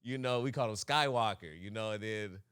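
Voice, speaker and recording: Bright-voiced man telling a laughing story. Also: on the low side, a little fast, smooth, dry recording, studio quality. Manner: animated, laughing often, acts out voices in stories. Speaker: podcast co-host. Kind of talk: casual storytelling chat.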